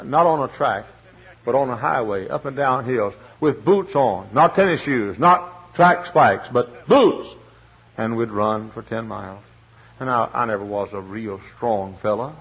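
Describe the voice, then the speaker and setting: A man's voice: fairly low pitch, husky. Man preaching, muffled old radio recording. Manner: dramatic preaching, swings from loud to hushed. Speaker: pastor. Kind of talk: sermon.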